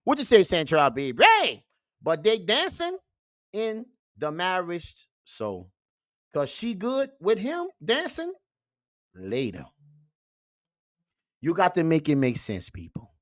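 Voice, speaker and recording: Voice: mid-range voice, wildly swooping pitch, takes it slowly, long pauses, dry recording, clean studio sound. A performer playing a preachy male uncle who lectures on red-pill views, a comedic character monologue that keeps repeating "you see" and "baby". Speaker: host.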